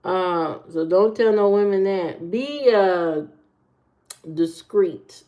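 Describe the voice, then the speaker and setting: Slow-talking blunt woman livestreamer, muffled audio. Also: medium pitch. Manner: blunt, opinionated dating advice, drawn-out speech. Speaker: livestream host. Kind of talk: casual live chat reacting to viewers.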